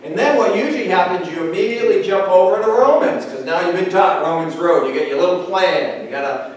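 A man preaching a sermon as pastor, talking in a conversational, animated way and acting out little dialogues. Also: high voice, brisk. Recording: echoey hall, speaker far from mic.

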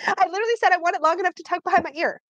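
A woman co-hosting a livestream, chatting in an excitable way with frequent laughs. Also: very high voice, rapid-fire, dry recording. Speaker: co-host. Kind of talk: casual livestream chat.

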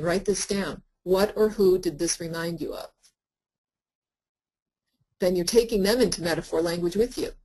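Earnest woman therapist lecturing, lower voice. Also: a little mellow, slightly rough, poor audio. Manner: earnest, conversational, with frequent fillers. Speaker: therapist teaching a workshop. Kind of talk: lecture to practitioners.

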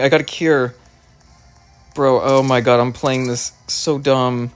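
A gaming video creator delivers excitable let's play commentary in a slow, mid-range voice, stammering over his words and swearing often. Faint game music plays behind him.

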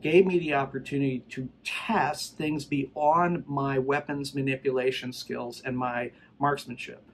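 A man's voice: mid-range voice, fairly even intonation, measured pace, few pauses, a little hiss or hum, low-quality recording. Emphatic middle-aged man explaining firearms training. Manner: emphatic, conversational, retells scenarios with acted quotes. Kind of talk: casual instructional talk.

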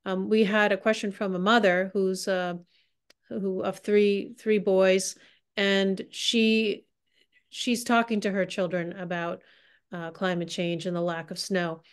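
Smooth-voiced woman moderating a webinar. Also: mid-range voice, little pitch movement, measured pace. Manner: friendly, with many fillers. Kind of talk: hosting a Q and A.

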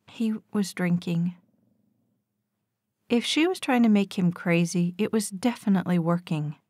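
Calm lady reading a romance audiobook, lowish voice, dead dry close mic. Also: a little slow, pauses often, no echo. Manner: calm, even storytelling. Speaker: audiobook narrator. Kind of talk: scripted narration.

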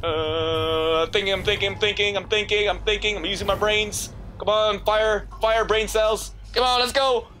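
A gaming YouTuber doing let's play commentary, yelling, shrieking and swearing at scares and taunting the enemies on screen, with game music behind. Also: mid-range voice.

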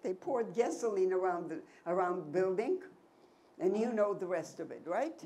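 A woman in her nineties giving a personal testimony to an audience, telling her story slowly and emphatically with many repetitions. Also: medium pitch, expressive, dark tone. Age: 90s. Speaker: Holocaust survivor giving a talk.

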